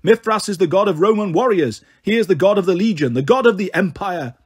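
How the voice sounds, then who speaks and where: A man voicing a pompous old male ghost priest, stern and blustering, with a booming indignant delivery. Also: expressive, fairly quick, breathy edge.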